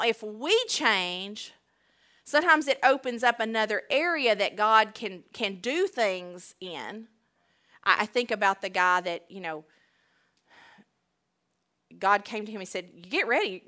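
Woman preacher, bright, higher voice, slow emphatic delivery that leans on repeated lines. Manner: emphatic, repeats key phrases, slow and deliberate. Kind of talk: sermon.

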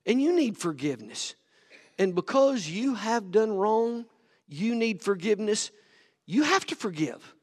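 A male pastor preaching a sermon, rising to near-shouts and repeating his words as he presses his point. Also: high-pitched, big pitch swings, a little slow. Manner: repeats and stumbles over words. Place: church sanctuary. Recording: long hall reverb from a sanctuary.

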